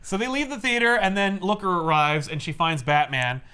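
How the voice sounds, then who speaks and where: A man co-hosting a casual comic chat, retelling the plot in a loose, rambling way with plenty of fillers. His voice sits a little high for a man. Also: sing-song, moderate pace, bright, forceful tone. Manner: rambling, filler-heavy storytelling. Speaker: podcast co-host.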